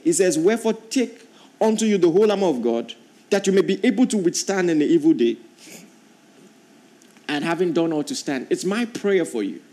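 A man preaching a sermon as pastor, reading scripture and repeating key lines, climbing into drawn-out emphatic passages. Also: high voice, a little mellow.

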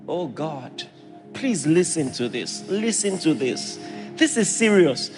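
A Nigerian man preaches with a high voice and swings hard between low and soft. He acts out the people in his stories as he talks, and the sound rings through a large hall with soft music underneath. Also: big pitch swings, slow. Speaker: pastor. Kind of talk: sermon.

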